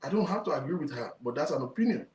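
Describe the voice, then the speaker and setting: Very fast and animated, with a fairly high, darkish voice, a Nigerian-accented host rants at his viewers. He speaks with indignant emphasis, circles back to the same points, and drops in Yoruba. The room adds echo.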